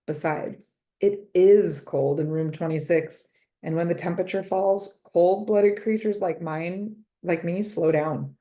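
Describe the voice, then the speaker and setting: A woman narrating a children's storybook in a lowish, mellow voice. She reads expressively and stretches words out for effect. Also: measured pace. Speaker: storybook reader.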